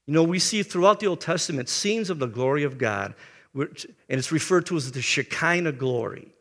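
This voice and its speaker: A man in his seventies, a pastor preaching a sermon and telling a personal story earnestly, clearing his throat often. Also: fairly high pitch, expressive, a little fast, fairly bright tone, big-room sound. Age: 70s.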